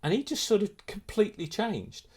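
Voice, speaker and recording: Animated man telling a story. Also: sits high, moderate pace, breathy edge. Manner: animated storyteller, many restarts. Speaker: photographer and filmmaker. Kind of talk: casual anecdote in an interview.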